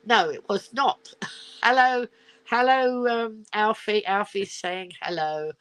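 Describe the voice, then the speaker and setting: The older English livestream host speaks slowly in a mid-range voice with a clean, somewhat bright tone. Using her phone camera as the mic, she chats casually, rambling and giggling as she reads out viewer comments.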